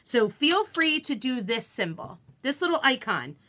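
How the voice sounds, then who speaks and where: Chatty bright-voiced woman craft host. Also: high voice, big pitch swings, unhurried. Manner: chatty and self-deprecating, greets viewers by name; laughs easily and jokes about her slip-ups. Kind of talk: casual live-stream craft tutorial.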